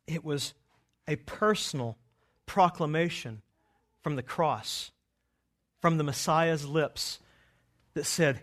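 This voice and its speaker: A male pastor preaching a sermon slowly and emphatically, his voice swelling loud when he quotes scripture. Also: a little high, expressive.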